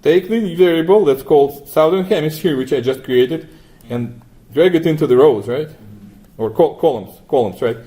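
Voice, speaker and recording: A man teaching a class, walking through software steps and asking students questions, often adding 'right?'. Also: on the high side, normal speed. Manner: asks the class frequent questions, tags 'right?'. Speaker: lecturer. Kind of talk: classroom lecture with software demo.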